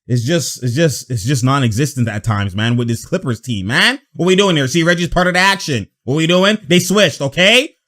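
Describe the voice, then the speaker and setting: A man giving casual, slangy commentary over basketball clips, reacting excitedly and laughing often as he breaks down the plays. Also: on the high side, normal speed, few pauses. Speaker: basketball video analyst.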